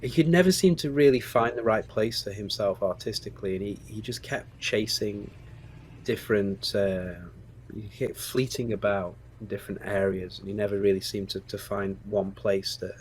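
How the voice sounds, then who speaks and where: A man's voice: on the low side, moderate pace, darkish tone, slight background noise. A man in his forties with a Stoke-on-Trent accent, a screenwriter talking candidly in an interview, reflective and hesitant with many restarts. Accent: Stoke-on-Trent English. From England. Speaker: screenwriter and producer guest.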